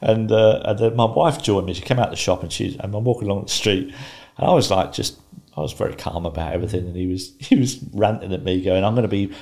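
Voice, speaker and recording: A man in his fifties, a guest in an interview, calmly telling stories and laughing often. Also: deep voice, fast talker. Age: 50s. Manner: calm, laughs often while telling anecdotes. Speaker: guest, former footballer and pundit. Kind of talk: casual interview storytelling.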